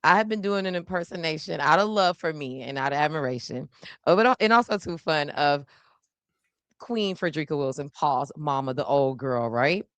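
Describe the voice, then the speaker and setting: A woman's voice: low-pitched, normal speed, a bit bright, no room sound. A woman hosting a show and chatting casually in a loose, slangy, laughing way. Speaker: show host and journalist. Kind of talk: casual chat. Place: studio. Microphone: studio mic.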